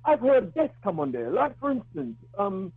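A man calling in to a talk radio show, speaking in a halting way with frequent restarts and repeated words while bluntly arguing his view. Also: high-pitched, sing-song, vocal fry, slightly rough, no room sound. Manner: outspoken, argues his view. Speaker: radio call-in caller. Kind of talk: phone-in talk radio call. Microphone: telephone. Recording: tinny phone line.

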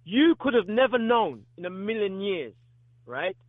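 High preacherly man over a phone line. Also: sing-song, a little slow, no echo. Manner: preacherly, emphatic, repeats questions. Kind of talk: call-in discussion. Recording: dry tinny phone line.

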